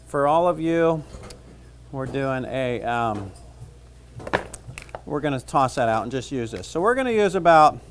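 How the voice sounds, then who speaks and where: A man with a slightly high voice teaches a cooking class, chatting casually and cracking jokes as he works. A pan fries and sizzles behind him, with faint background noise. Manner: casual, joking, talks while cooking. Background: frying and sizzling.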